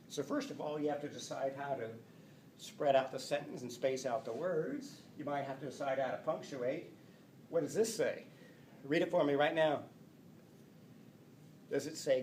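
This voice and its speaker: A man's voice: a little high, normal speed, a little hiss or hum. Teacher, male, playful lecture delivery, voice caught from across an echoey room. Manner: lively, playful, reads example sentences aloud. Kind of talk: classroom lecture. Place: classroom. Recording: echoey classroom from a distance.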